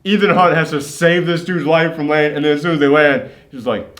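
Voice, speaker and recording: A man's voice: fairly high pitch, a little fast. Opinionated man chatting about a movie. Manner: lively, opinionated, acts out quoted lines. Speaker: co-host of a movie review show. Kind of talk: casual movie review chat.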